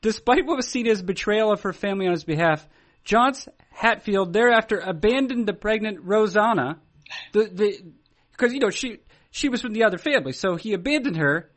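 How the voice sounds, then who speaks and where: A man co-hosting a podcast, telling a story in a halting, rambling way with frequent restarts and filler words. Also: sits high, expressive. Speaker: podcast co-host. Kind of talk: casual podcast chat.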